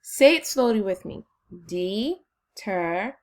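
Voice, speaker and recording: A woman teacher leading a phonics lesson for children, slowly and encouragingly sounding out syllables. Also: mid-range voice, expressive.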